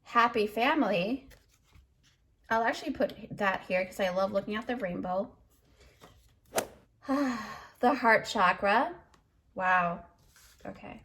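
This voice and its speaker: A woman reading tarot cards to her viewers, talking in a loose, chatty flow with lots of fillers. She sounds emotional and choked up, and her pitch sits in a middle range. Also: takes it slowly, long pauses, a bit bright, slight background noise. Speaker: tarot reader. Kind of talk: pick-a-card tarot reading.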